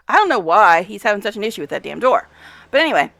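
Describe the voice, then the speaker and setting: A woman's voice: medium pitch, sing-song, fast talker, creaky, fairly bright tone. A woman giving casual gameplay commentary, chatty, talking to the game characters, swearing and laughing often. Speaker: gamer vlogger.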